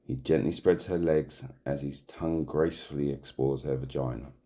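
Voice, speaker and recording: A man hosting and narrating a comic erotic audio story in a deadpan way, sometimes stumbling over words and laughing. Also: rumbling low, moderate pace. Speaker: narrator and host.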